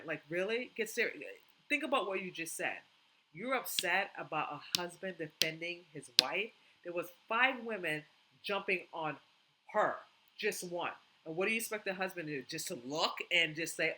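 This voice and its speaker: A woman's voice: on the low side, expressive, moderate pace, bright, forceful tone, low-quality recording. A woman giving opinionated reaction commentary, indignant and emphatic, repeating herself. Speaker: commentary vlogger.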